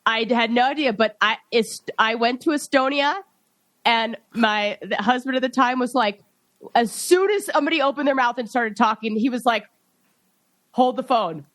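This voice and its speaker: A woman co-hosting a podcast in casual chat, talking quickly through stories with many restarts and asides. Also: a little high, fairly bright tone, no room sound. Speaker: podcast co-host.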